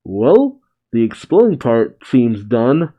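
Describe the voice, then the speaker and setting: A man's voice: medium pitch, big pitch swings, slow, mellow. Jittery scaredy deputy guy, man putting it on, muffled. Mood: nervous. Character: jittery timid small-town male deputy.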